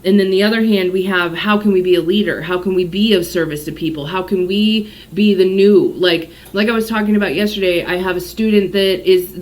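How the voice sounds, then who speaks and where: A woman psychic giving a casual daily tarot and astrology reading, rambling off on tangents and swearing freely. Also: fairly low pitch.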